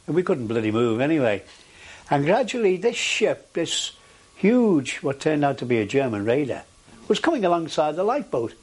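An older man with a husky voice, recounting his experiences in a recorded interview with frequent hesitations. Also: a little high, moderate pace. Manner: animated storytelling with frequent hesitations. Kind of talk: oral history recollection.

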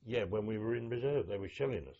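An older man from London, a veteran telling war stories in an oral history interview, lively and acting out the voices in his anecdotes. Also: lowish voice, fast talker, muffled recording.

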